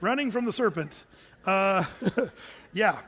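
Speaking high and slowly in a large hall, a middle-aged pastor delivers a verse-by-verse sermon. He tells his stories with animation and performs the voices of the people in them.

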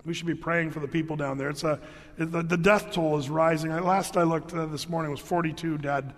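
A middle-aged man preaches a sermon in a loose, storytelling way, often starting his sentences over. His voice sits high for a man. The sound carries the long reverb of a large church hall. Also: fairly even intonation, fairly quick. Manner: conversational storytelling with many restarts. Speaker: pastor.

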